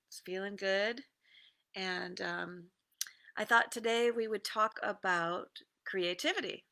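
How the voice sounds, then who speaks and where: A woman coach giving a casual guided meditation talk, easygoing, with many pauses and fillers and some reading aloud. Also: on the low side, creaky, pushed and bright. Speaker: creative success coach.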